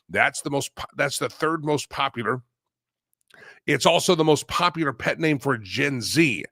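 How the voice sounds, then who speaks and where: A man's voice: a little high, pushed and bright, no echo, studio quality. A man hosting a talk show, chatting loosely with many fillers. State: coughing. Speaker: radio show host. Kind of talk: casual talk show monologue.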